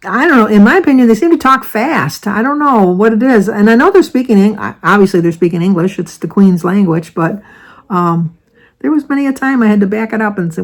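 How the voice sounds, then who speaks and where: A woman's voice: mid-range voice, vocal fry, rough recording. Older woman from the US, casual vlog chat, rambling and self-correcting. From United States. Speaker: vlogger.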